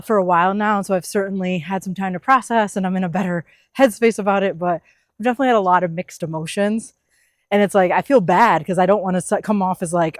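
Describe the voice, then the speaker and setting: A woman's voice: mid-range voice, dry recording. Candid young woman vlogging, dry close sound. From US East Coast. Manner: candid, reflective, with many fillers like "like" and "you know". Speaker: van life vlogger. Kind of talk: casual vlog talk to camera.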